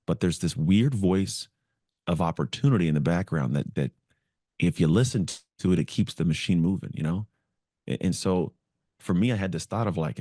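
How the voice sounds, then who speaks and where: A man's voice: deep voice, a little fast, dark tone, no echo, studio quality. A man as a podcast guest, telling his story in an earnest, reflective way and acting out the voices in his head. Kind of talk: storytelling interview.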